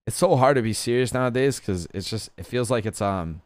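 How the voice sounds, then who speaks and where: Here another young man, also a guest streamer, talks loosely about roleplay gaming, full of fillers and casual curses as he rambles. He speaks a little fast at medium pitch, and there's no echo.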